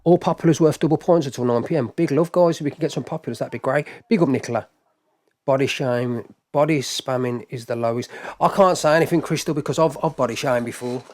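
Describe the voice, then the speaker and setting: A man's voice: mid-range voice, quick pace, darkish tone. A man hosting a live stream, ranting to his viewers with heated, repetitive talk and frequent swearing. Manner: heated, swearing, repetitive, talks straight to chat. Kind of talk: casual live-stream rant.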